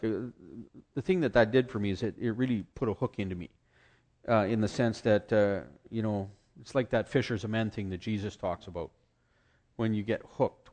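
A man's voice: fairly low pitch, darkish tone. A man telling his personal faith story in a conversational way, with restarts and short acted quotes of others.

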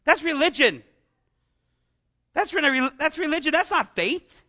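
A man's voice: extremely high pitch, moderate pace, bright, forceful tone. A Canadian man preaching a sermon as pastor, in a conversational style with chatty asides.

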